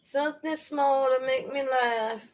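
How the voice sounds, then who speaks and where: This livestream host tells stories casually, using slang and laughing frequently as she responds to viewers' questions. She speaks unhurriedly in a high-pitched voice with fairly even intonation.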